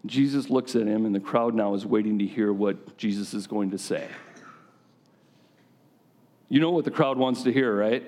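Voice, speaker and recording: A man's voice: on the low side, normal speed, long pauses, darkish tone. A man preaching a sermon to a gathering of men in a conversational style, often putting questions directly to his listeners.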